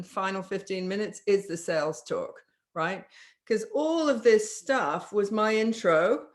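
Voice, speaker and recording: Woman coach explaining a sales pitch. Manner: acts out sales dialogue in quoted voices. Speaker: business coach. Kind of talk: casual teaching talk.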